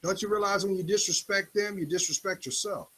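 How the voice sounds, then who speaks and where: A man giving an emphatic motivational talk in a preachy style, swinging his pitch up and down for effect. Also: fairly quick, fairly bright tone, slight background noise, poor audio. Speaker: motivational speaker.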